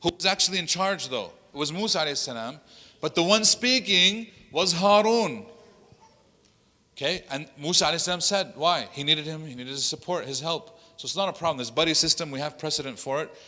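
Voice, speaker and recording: A man, an imam, giving a workshop talk and telling a story in an animated way, acting out the quoted voices. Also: fairly high pitch, quick pace, few pauses. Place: mosque hall. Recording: long hall reverb.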